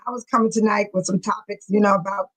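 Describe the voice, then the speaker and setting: A woman's voice: medium pitch, steady tone, fast talker, fairly bright tone, low-quality recording. A woman hosting a casual livestream, emotional and preachy, reading viewer comments aloud. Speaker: livestream host.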